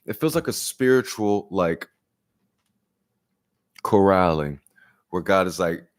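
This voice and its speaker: A man giving a live-streamed collective tarot reading. He talks casually, jokes in slang and swears, and often swings his voice high and loud to act out little exchanges. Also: slow pace, pauses often. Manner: animated and profane, acts out exchanges with big jumps in pitch and loudness; slangy and joking. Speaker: tarot reader.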